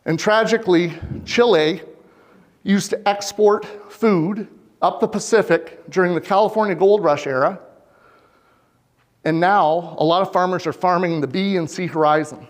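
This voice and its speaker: A man's voice: high-pitched, moderate pace. A man from Canada, a farmer giving a presentation in a conference hall on a lapel mic, talking earnestly and putting questions straight to his audience. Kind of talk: public presentation. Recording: long reverb of a hall.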